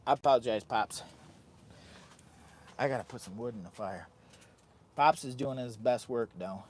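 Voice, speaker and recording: A man's voice: mid-range voice, normal speed, pauses often, a little hiss or hum. A man hosting a casual camping vlog from inside a heated tent. He talks in a goofy, rambling, hyped-up way into a phone camera. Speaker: vlogger host.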